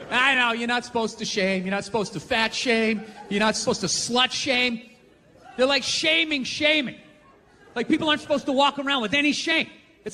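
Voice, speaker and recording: A male stand-up comedian doing a blunt, profane, ranting routine on a talk show stage, often shouting. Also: extremely high pitch, a little hiss or hum. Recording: live studio audience, reverberant hall.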